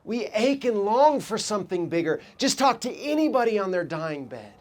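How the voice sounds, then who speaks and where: Animated male pastor preaching. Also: sits high, moderate pace, few pauses. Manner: animated storytelling, quoting people in raised voices; reflective, asks the congregation questions. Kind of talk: sermon.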